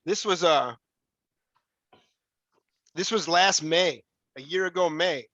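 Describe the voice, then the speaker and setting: A man's voice: a little high, slow pace, a bit bright, no echo, muffled recording. A man giving blunt, profane motivational talk as an interview guest, often repeating words as he starts a thought.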